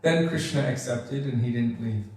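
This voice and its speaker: A man giving a devotional storytelling lecture, animated and acting out the characters as he goes. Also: medium pitch, moderate pace. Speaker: devotional speaker. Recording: very echoey room, voice far from mic.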